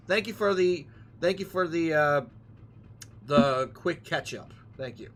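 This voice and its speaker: A man's voice: fairly high pitch, unhurried, a bit bright, slight background noise. A young man streaming a video game, rambling and joking playfully as he plays. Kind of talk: casual let's-play commentary.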